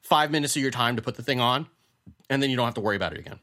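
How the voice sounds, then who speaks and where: A man co-hosting a relaxed podcast conversation, with a bright, ringing tone. He talks in a chatty, loose way, often restarting his sentences as he thinks aloud. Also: medium pitch, rapid-fire. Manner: reads listener question then answers, chatty with many restarts. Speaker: podcast co-host. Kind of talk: casual chat.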